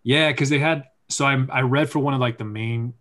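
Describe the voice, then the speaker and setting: A man's voice: mid-range voice, fairly even intonation, normal speed, fairly bright tone. A man, an actor, co-hosting a casual podcast and talking loosely with many fillers. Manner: rambling, filler-heavy. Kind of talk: casual chat.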